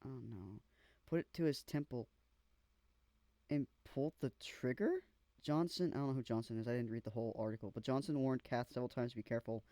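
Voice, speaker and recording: A man's voice: mid-range voice, brisk, warm tone, dry recording. A young man reacting casually as he reads aloud, using slang and swearing, stumbling over words as he goes. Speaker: vlogger.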